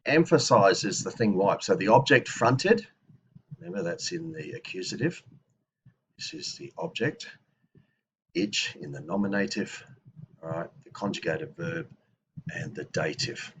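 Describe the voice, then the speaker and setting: A man with a very low voice explains grammar in a relaxed teaching manner. He often restarts his sentences as he thinks aloud and slows down to spell out each example phrase. A faint hiss runs under the recording. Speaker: language teacher. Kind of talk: explanatory lesson.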